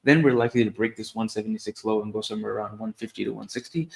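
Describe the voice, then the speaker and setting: A man giving technical market analysis, explaining price levels in a steady, methodical way. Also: on the low side, rapid-fire, vocal fry. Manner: steady explanation, occasional restarts.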